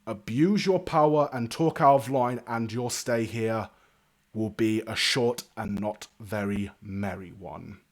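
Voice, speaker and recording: A grizzled older knight, as a man puts him on who speaks in a slightly low, subdued voice. His delivery is formal and clipped, and he gives orders with steady authority. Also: a little slow. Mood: commanding.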